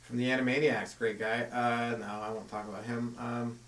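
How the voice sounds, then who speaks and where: A man's voice: medium pitch, little pitch movement, moderate pace, a bit bright, distant mic. A man doing a loose, rambling stand-up monologue as a comedy podcast host, full of fillers and asides. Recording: echoey room, voice off the mic.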